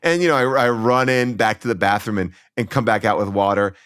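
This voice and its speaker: In a brisk, fairly low voice with a fairly bright, clean tone, a podcast guest in his forties acts out his own lines while telling a comic tale from his childhood, full of fillers and restarts. The recording is dry and studio quality.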